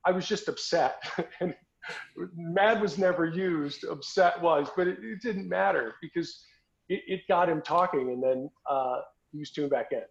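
A gravelly, slightly high male voice at a measured pace belongs to a podcast host recounting a story. He talks casually, restarting often and repeating words, over dull lo-fi audio.

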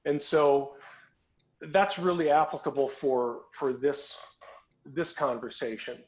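Taking it slowly in a mid-range voice, a podcast host tells a story in a loose, conversational style, frequently starting over and repeating himself. The audio is dull and lo-fi.

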